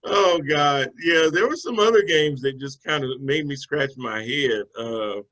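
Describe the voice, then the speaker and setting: Bright-voiced man talking football. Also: medium pitch, normal speed, low-quality recording. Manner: conversational, loose with fillers and restarts. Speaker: sports talk show co-host. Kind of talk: casual sports analysis chat.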